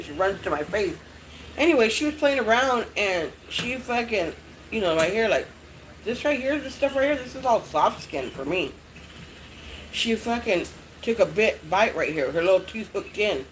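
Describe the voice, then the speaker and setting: Rambling, cussing mom chatting casually. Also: female voice, mid-range voice, slight background noise, low-quality recording. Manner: rambling, frequent swearing. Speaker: vlogger. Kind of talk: casual chat.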